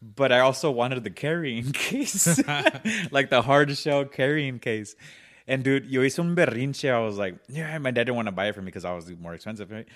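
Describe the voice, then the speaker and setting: A man in casual podcast chat tells stories with a lively, swooping pitch. He acts out the voices of the people in his stories and laughs often as he goes. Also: moderate pace. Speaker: podcast co-host.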